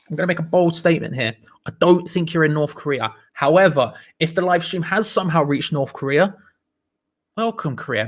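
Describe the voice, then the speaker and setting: A man's voice: fairly high pitch, vocal fry, a bit bright. A young man, hosting a casual live stream from his living room and reading out viewer comments with jokey asides. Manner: chatty, jokey, quick asides.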